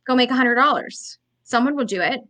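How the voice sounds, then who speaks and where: A young woman coaching business owners in a motivational talk, with a voice sitting a little high. She speaks bluntly and emphatically, in a loose conversational way with plenty of fillers. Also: lively intonation, fairly quick, bright, forceful tone.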